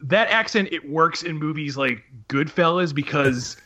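A man's voice: a little high, a little slow, pushed and bright, lo-fi sound. A man talking casually and hesitantly as a podcast co-host, with frequent ums and restarts. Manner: chatty, hesitant with many ums. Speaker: podcast co-host, film writer. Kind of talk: casual chat.

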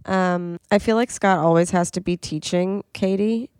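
A woman's voice: lowish voice, moderate pace, a little mellow, clear, resonant tone, no room sound, studio quality. A young woman co-hosting a podcast, chatting casually about a reality show with lots of fillers. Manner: chatty, filler-heavy, quotes people in put-on voices. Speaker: podcast co-host.

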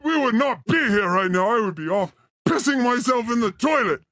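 A man's voice: extremely high pitch, expressive, moderate pace, pushed and bright, no echo, clean studio sound. A man co-hosting a livestream, teasing his co-host with mock outrage in casual banter. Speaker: co-host of a streamed show.

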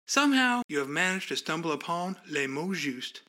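A man's voice: a little high, big pitch swings, moderate pace, pushed and bright. A man voicing a bossy, self-important male agent boss who talks down to his assistant in a pompous, condescending way. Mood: domineering.

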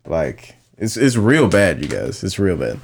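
Man, low voice, podcast co-host, casual banter, laughs a lot. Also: big pitch swings, gravelly, a little hiss or hum. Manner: joking, laughs often, drawn-out storytelling.

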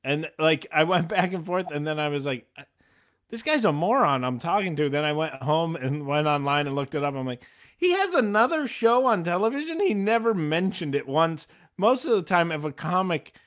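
A man, a comedian, chatting casually on a podcast and talking warmly about a friend. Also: fairly high pitch, moderate pace.

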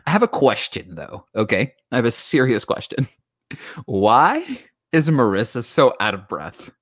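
A woman's voice: a bass voice, animated, measured pace, no echo. A woman co-hosting a casual rewatch podcast, wry and giggly, with a dry close mic sound. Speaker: podcast co-host.

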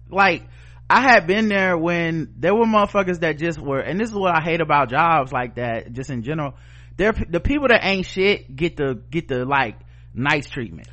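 A middle-aged man co-hosting a casual podcast, telling stories with frank, cussing candor. He slips into quick impressions of the people he's quoting. His voice sits a bit higher than most men's. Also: expressive, fairly bright tone. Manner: candid, profane storytelling with acted-out quotes. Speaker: podcast co-host. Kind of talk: casual chat.

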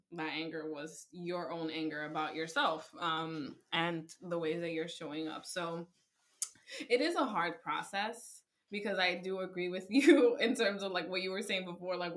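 A young woman speaks in a reflective, supportive way, with soft murmurs of agreement while she listens. Her voice is fairly low but very bright and sharp in tone. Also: normal speed. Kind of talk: casual chat.

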